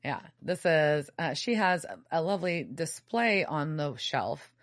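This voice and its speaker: Woman podcast co-host, low voice that swings widely, casual and profane recap chatter. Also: unhurried, no echo, studio quality. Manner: animated, swears freely, emphatic outbursts. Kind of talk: casual chat recapping a TV episode.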